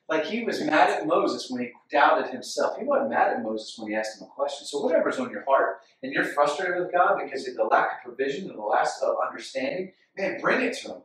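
A man delivers an impassioned sermon in a fairly high voice. He repeats phrases for emphasis and grows loud when reading scripture. The sound is distant and washed in heavy hall echo. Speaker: pastor. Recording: echoey hall, from far off.

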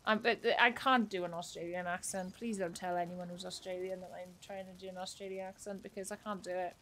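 A woman's voice: on the low side, fairly even intonation, fairly quick, hardly any pauses, fairly bright tone. A young woman chatting casually while streaming a game, thanking viewers by name and laughing at her own confusion. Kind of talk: casual live-stream chat while playing.

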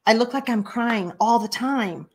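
A woman's voice: fairly high pitch, measured pace, a little mellow. A Texan woman hosting a live card-making tutorial, chatty and folksy, laughing often and reading viewer comments aloud. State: allergies, watery eyes. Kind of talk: live stream craft tutorial.

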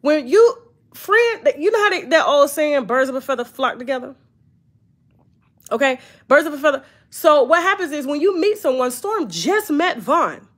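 A woman, hosting a blunt, profane, animated storytime commentary. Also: high-pitched, normal speed. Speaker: commentary channel host.

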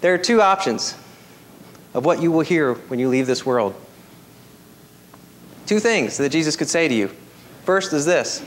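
A man preaching a sermon as pastor, swinging from emphatic high peaks to soft, quiet appeals. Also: animated, moderate pace, long pauses, a little hiss or hum.

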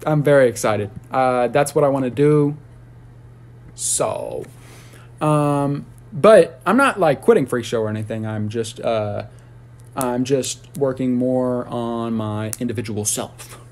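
A man ranting on a casual livestream, rambling and profane, with sudden high squeals and shouts. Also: slow.

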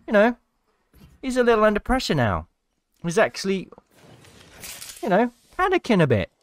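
A gaming commentator with a high-pitched voice talks at normal speed, his pitch swinging hugely. He offers casual commentary over gameplay, cheering at the screen and making fun of the players.

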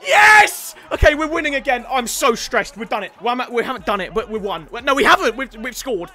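A man giving excited video game football commentary, pleading with his players, screaming at goals and then apologizing for the noise. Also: very high-pitched, fairly quick, faint music behind. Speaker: gaming YouTuber.

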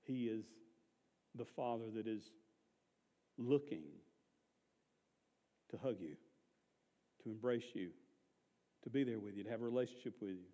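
A man's voice: fairly low pitch, unhurried, long pauses, warm tone, big-room sound, dull audio. A man preaching an Easter sermon to a congregation, conversational and emphatic, often asking the room questions. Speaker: pastor. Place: church service.

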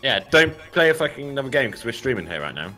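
A man's voice: medium pitch, very animated, fast talker, pushed and bright, faint music behind. A man streaming a game with friends, swearing and laughing as he plays. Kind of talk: casual gaming chat with friends.

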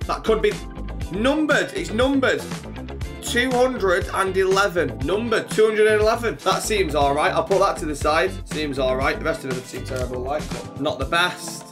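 A man commentating while opening football card packs, swearing and shouting when a good card turns up. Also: high voice, moderate pace, music in the background. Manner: swears a lot, shouts when excited, mutters when cards are poor.

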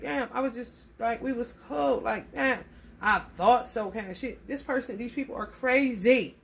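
A woman giving a casual tarot reading, blunt and profane, calling her listeners honey. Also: medium pitch. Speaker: tarot reader.

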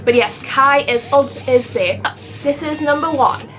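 A young woman with a fairly high voice gushes her way through a chatty vlog. She talks casually and excitedly, breaking into gasps and playful outrage. Soft music plays faintly underneath. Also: measured pace. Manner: gushing, animated fangirl talk with gasps and mock outrage. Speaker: vlogger.

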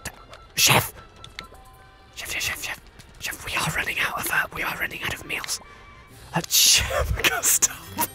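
Give me a man in whispered role-play, pleading softly, with faint game music behind. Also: unhurried, long pauses. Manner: hushed, pleading, repeating short calls. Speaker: co-host playing a kitchen game.

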